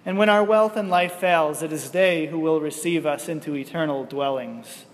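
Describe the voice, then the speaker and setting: A male pastor giving a sermon, preaching in a slow, emphatic way and asking rhetorical questions. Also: on the high side, long reverb tail.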